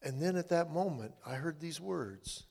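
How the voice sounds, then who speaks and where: An older man telling his personal testimony in a halting, earnest way, with many restarts. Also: fairly high pitch, animated, vocal fry, darkish tone, slightly rough. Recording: long hall reverb.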